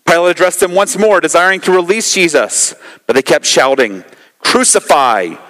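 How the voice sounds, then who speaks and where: A man with a high voice preaches emphatically, hammering home phrases through repetition. His sermon rings with the long reverb of a large hall. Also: expressive, fairly quick, a bit bright. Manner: emphatic, repeats phrases for effect. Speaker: pastor.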